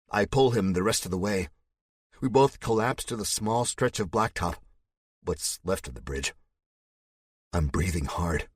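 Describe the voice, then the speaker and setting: A man's voice: sits low, breathy edge, no echo, clean studio sound. A man narrating a first-person thriller audiobook with a gritty, tense delivery.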